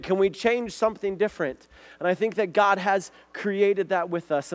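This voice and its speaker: A man giving a casual sermon to a group, chatty and lively, often checking in with "right?" and "okay?". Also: high-pitched. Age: adult, has a son. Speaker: youth pastor.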